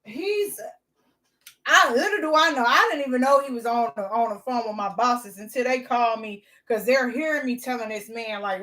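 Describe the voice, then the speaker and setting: Woman vlogging, tells a story loud and blunt, cusses a lot, high voice, sounds far from the mic. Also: normal speed. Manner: blunt, profane, lively. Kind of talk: casual storytelling to viewers.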